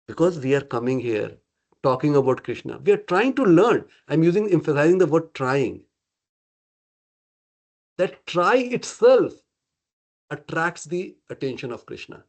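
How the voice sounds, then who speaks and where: A man's voice: on the high side, darkish tone. A man teaching an interactive scripture study class, questioning his group and often checking in with "okay" and "right".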